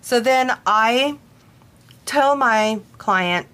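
A young woman who works with brides casually telling a story about a spirit, animated and full of "like" fillers. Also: on the high side, extremely slow, clean tone. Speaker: bridal stylist and medium.

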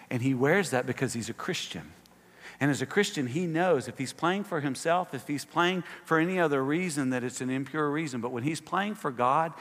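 A pastor preaches to his congregation in a church sanctuary, swinging from impassioned, raised exhortations that build to emphatic peaks to quieter asides full of fillers. His pitch is medium, and the recording carries the long reverb of a large hall.

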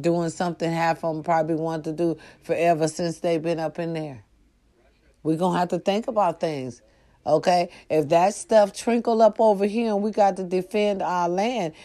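A woman vlogger talking straight to her followers in a casual, preachy, profane monologue that swings from low murmurs to loud outbursts. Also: normal speed. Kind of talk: casual direct-to-camera monologue.

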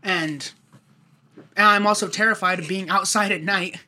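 A man's voice: sits high, normal speed, slight background noise. A young man casually telling a rambling, profane childhood story to friends. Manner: rambling, profane, animated retelling.

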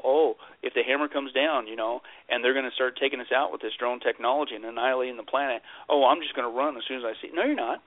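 A man's voice: medium pitch, dry recording, phone-quality sound. A pastor being interviewed as a guest, telling stories in an emphatic, joking way and repeating his punchlines. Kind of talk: animated interview storytelling.

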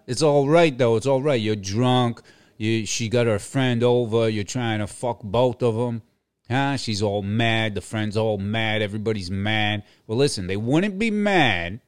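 A man's voice: mid-range voice, no echo, studio quality. A middle-aged man hosting a podcast, delivering a crude comedic rant full of swearing, repeated phrases and chuckles. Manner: profane, repetitive, chuckling. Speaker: podcast host.

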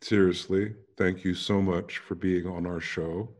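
A man's voice: sits low, flat delivery, measured pace, a little mellow. A man hosting a podcast, joking around while thanking and wrapping up with his guest. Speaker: podcast host. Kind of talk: casual chat.

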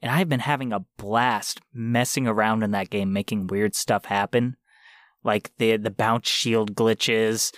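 A man on a podcast rambling excitedly in casual chat, full of fillers and side turns. His voice sits at an ordinary pitch. The sound is dry and close. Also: a little slow, dry recording. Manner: rambling, enthusiastic, lots of fillers. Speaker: podcast host.

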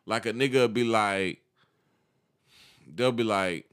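A young man chatting on a casual podcast in a slightly low voice. He tells his stories in loose slang and acts out the lines of the people in them. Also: slow pace, long pauses, clear, resonant tone. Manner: animated, slangy storytelling with acted-out quotes. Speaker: podcast co-host.

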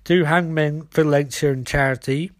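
A woman's voice: sits low, steady tone, normal speed, no echo, studio quality, natural voice. A man voicing a tough, cigar-smoking woman who leads a frontier gang, talking in a brash, bossy, crude way. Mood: hard, bossy.

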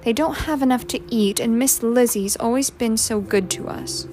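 A woman voicing a calm, practical mother in a storybook reading. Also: a little high, moderate pace, a little hiss or hum, close to an everyday voice. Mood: earnest. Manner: calm, matter-of-fact. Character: mild-mannered mother, plain and practical.

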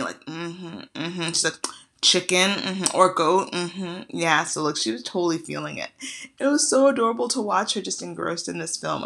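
A woman's voice: mid-range voice, creaky. A young woman from the United States, hosting her own podcast and chatting casually, acting out the quotes as she tells a story. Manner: animated storyteller who acts out quotes. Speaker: podcast host. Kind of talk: casual monologue.

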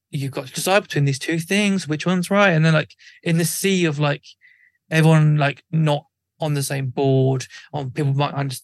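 A man's voice: on the high side, no room sound. Rambling man chatting on a podcast. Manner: rambling, many "like" fillers, acts out what keepers would say. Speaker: podcast guest. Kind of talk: casual chat.

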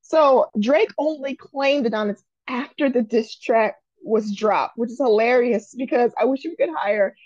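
A woman's voice: fairly high pitch, unhurried, few pauses, darkish tone, dry recording. Blunt joking woman co-host, dull sound. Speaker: podcast co-host. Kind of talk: casual gossip chat.

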